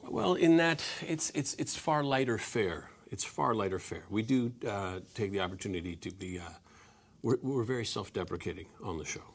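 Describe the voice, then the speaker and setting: A man's voice: on the low side, expressive, moderate pace. A man in his forties, an actor guest answering interview questions, self-deprecating and hesitant with many restarts.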